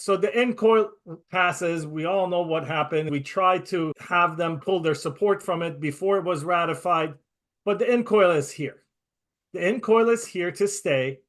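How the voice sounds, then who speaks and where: A man's voice: sits high, measured pace, fairly bright tone. A male interview host who talks in an emphatic, indignant way and speeds up in bursts. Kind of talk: conversational interview.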